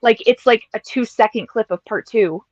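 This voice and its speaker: A woman's voice: on the high side, normal speed, darkish tone, no echo. A woman hosting a stream, chatting casually in a chatty, emphatic way. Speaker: streamer host. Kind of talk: casual chat. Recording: dull, dry stream mic.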